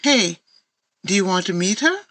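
A woman's voice: medium pitch, lively intonation, moderate pace, a bit bright. A woman with an Antiguan accent voicing a laid-back, friendly young male jellyfish in a children's story, talking in breezy, easygoing banter.

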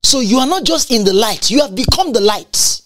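Emphatic preaching woman, lively pitch. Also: moderate pace. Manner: emphatic, repeats lines for effect, quotes scripture. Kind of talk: sermon.

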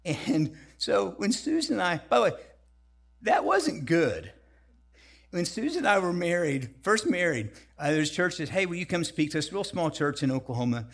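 Male guest preacher, slightly high voice, lively self-deprecating storyteller. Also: moderate pace, creaky. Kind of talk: sermon.

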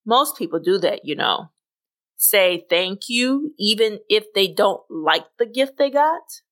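A woman voicing a smug, condescending male coworker who speaks in an even, patronizing tone, in a read-aloud story. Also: mid-range voice, slow.

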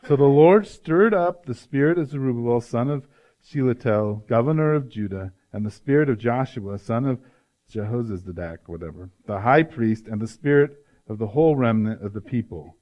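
A man's voice: medium pitch, animated, moderate pace, dull audio. A male pastor giving an earnest, conversational sermon, often adding "right?" to his points.

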